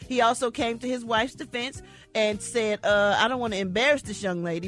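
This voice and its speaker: A woman reading entertainment news on a morning radio show in an animated, chatty, outspoken way. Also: on the high side, fairly quick, faint music behind. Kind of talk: casual radio chat.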